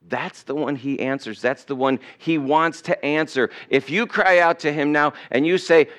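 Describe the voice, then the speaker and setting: A male pastor preaching a sermon, swinging between loud emphasis and hushed asides. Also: medium pitch, moderate pace, hardly any pauses.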